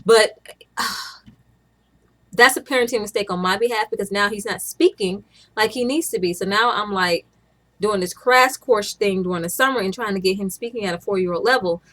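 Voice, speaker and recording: A woman's voice: mid-range voice, normal speed, fairly bright tone. A young woman, a stay-at-home mom, chatting casually to camera in a rambling way, often restarting her sentences.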